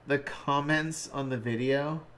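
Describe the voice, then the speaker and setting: A man's voice: medium pitch, fairly even intonation, a little slow, a bit bright. A man chatting casually with friends on a stream, telling rambling stories full of fillers. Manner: rambling storyteller, many fillers, mimics voices. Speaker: co-host.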